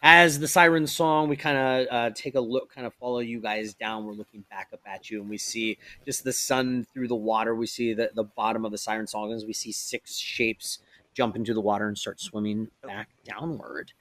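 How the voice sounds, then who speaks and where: A man's voice: fairly low pitch, fairly even intonation, normal speed, sharp tone, no room sound. A man narrating a tabletop game as game master, rambling with lots of fillers.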